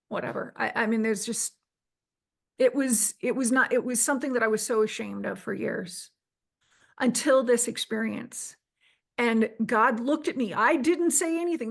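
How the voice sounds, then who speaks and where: Middle-aged woman guest, higher voice with a gravelly fry, recounting her experience earnestly. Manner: earnest, restarts and quotes herself. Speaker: interview guest. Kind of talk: personal storytelling.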